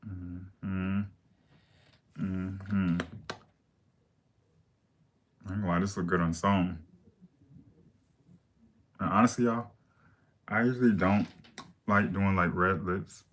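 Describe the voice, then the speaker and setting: A man's voice: low voice, fairly even intonation, takes it slowly, pauses often, fairly bright tone. A man hosting a makeup livestream, answering viewer questions in blunt, sassy casual chat.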